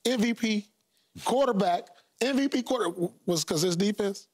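A man's voice: sits high, moderate pace, a little mellow. A man from Los Angeles on a sports talk show, teasing his co-hosts and cutting in over them in casual banter. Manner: teasing, jumps in over others.

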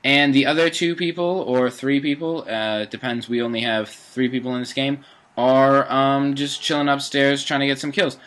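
A man's voice: medium pitch, little pitch movement, moderate pace, fairly bright tone. A teenage boy giving casual, rambling commentary over his gameplay, with lots of fillers and self-corrections. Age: teens.

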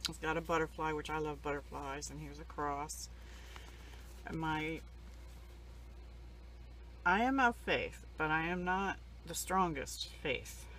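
A woman's voice: low-pitched, slow pace, long pauses, a little hiss or hum. A woman, older, casually showing off craft supplies she got in the mail, rambling and gushing, emotional and close to tears at times. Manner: rambling, soft-spoken, emotional, near tears. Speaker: crafting vlogger. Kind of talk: casual show-and-tell.

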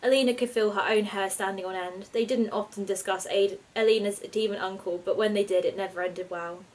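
A woman reading her own storybook aloud in a steady, expressive narration. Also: mid-range voice, a little fast, poor audio.

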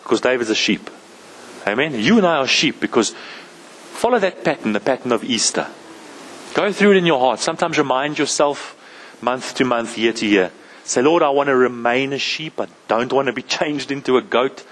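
A man's voice: medium pitch, animated, moderate pace, a bit bright, a little hiss or hum, rough recording. A man with a South African English accent preaching a sermon as pastor, often asking "Amen?" and repeating phrases as he builds a point. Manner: repeats and restarts phrases, calls out "Amen?" to the congregation.

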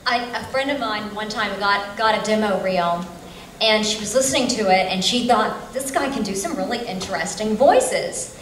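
A woman's voice: medium pitch, moderate pace, fairly bright tone, slight background noise. A woman voice actor on a convention panel, earnestly giving her opinion to a fan. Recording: echoey hall, far off the mic.

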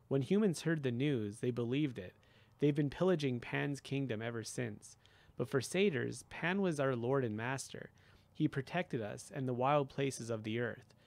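A man voicing a gentle, idealistic young male satyr who talks mournfully and turns indignant. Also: mid-range voice, vocal fry, close to an everyday voice.

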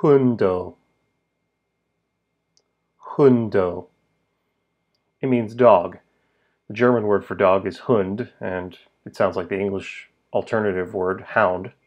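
Male language teacher, lowish voice, unhurried, repeats words for drills. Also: fairly even intonation, dull audio. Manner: slow, deliberate, repeats words for learners. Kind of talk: pronunciation lesson.

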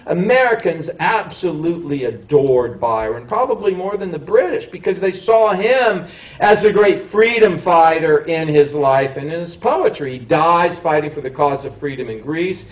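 Captured from afar in a roomy hall, a history professor delivers a public lecture full of restarts and self-corrections, discursive in style. His slightly high voice is animated and moves at a moderate pace.

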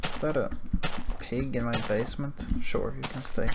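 Jumpy gamer with a lively voice. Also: medium pitch, takes it slowly. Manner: jumpy, exclaiming often. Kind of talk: casual gameplay commentary. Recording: noisy, with mouse clicks.

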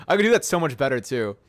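A man casually chatting on a gaming stream, excitable and laughing often. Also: medium pitch.

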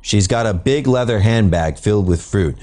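A man's voice: lowish voice, moderate pace, darkish tone, voice pushed up, lightly acted. A man voicing a sensible brother who talks plainly and matter-of-factly. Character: young male brother, sensible and deadpan.

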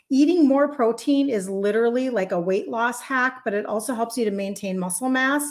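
Woman in her fifties, Minnesotan accent, live-stream host, chatty, slightly high voice, reads out viewer comments. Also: moderate pace, few pauses. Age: 50s. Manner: chatty, greets viewers and answers comments on the fly. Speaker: host, health coach.

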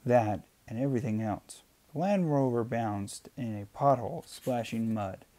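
A man reads a novel aloud at a steady pace, stumbling and restarting now and then. His voice is mellow and mid-pitched. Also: moderate pace. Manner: steady, with small slips and restarts. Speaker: amateur reader. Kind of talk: audiobook reading.

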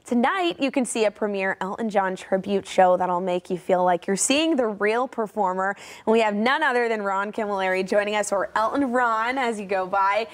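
A woman's voice: medium pitch, moderate pace, hardly any pauses. A woman, a TV news anchor, introducing and interviewing a guest live in the studio with an upbeat, encouraging manner.

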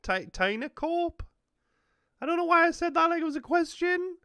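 A man's voice: extremely high pitch, level tone, fast talker, pushed and bright, no room sound, studio quality. A man with a Geordie accent, giving wry, sarcastic asides while reacting to a cartoon. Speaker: reaction video host. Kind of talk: reaction commentary.

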